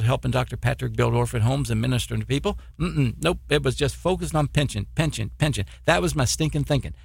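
Gravelly folksy male preacher. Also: medium pitch, no echo, clean studio sound. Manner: folksy, repetitive, stammering restarts. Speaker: preacher, former military missionary. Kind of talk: sermon.

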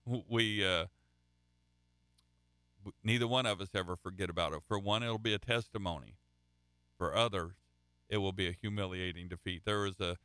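A man's voice: fairly low pitch, sharp tone, clear, resonant tone, no room sound, studio quality. A man preaching a sermon in a conversational way, reading scripture and then telling folksy stories, often restarting his phrases.

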